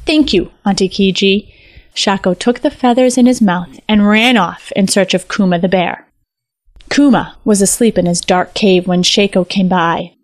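A woman reading a fairy tale aloud in measured, lyrical scripted narration. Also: mid-range voice, no echo. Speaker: storyteller.

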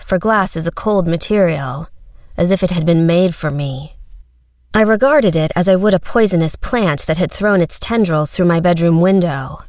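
A woman reads a story in a low, measured voice, dry and wry in her telling. The sound is close and completely dry, with no room around it. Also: no echo. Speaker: narrator. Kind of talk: scripted fiction narration.

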